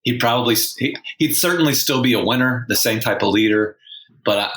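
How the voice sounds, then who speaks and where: A man's voice: mid-range voice, brisk, fairly bright tone. Wry rambling man in a roomy room. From San Antonio, Texas. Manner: wry, rambling with many restarts. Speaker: sportswriter podcast co-host. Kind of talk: casual sports discussion. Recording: roomy echo.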